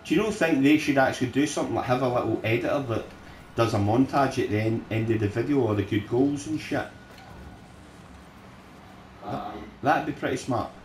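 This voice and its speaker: A man swearing and shouting at opponents while playing a game with a friend. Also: mid-range voice, fairly quick, long pauses. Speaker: gamer recording his play. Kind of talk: casual gaming chat with a friend. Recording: roomy sound with faint noise.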